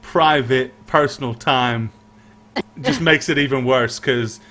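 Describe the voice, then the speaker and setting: A man's voice: mid-range voice, slow, bright, forceful tone. Rambling man recapping a game stream. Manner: rambling, restarts sentences often. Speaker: game master and co-host. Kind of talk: casual recap chat.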